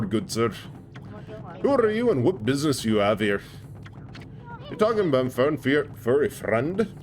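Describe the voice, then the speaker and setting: A man's voice: mid-range voice, slight background noise, natural voice. A man reading a cocky male demon gatekeeper from a video game, putting on a Scottish accent and a brash, folksy manner. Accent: put-on Scottish. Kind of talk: reading game dialogue aloud in a voice.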